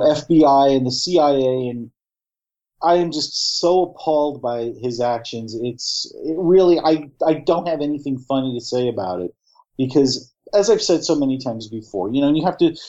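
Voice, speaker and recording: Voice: medium pitch, moderate pace, dark tone. Middle-aged new york area host, blunt cussing political rant, kinda muffled lo-fi sound. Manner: blunt, profane, ranting. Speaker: podcast co-host. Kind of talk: political commentary chat.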